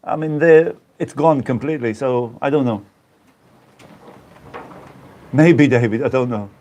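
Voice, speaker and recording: A man's voice: mid-range voice, normal speed, a little mellow. A man from the Black Country of England, hosting a casual live stream and chatting in a rambling way with viewers he greets by name.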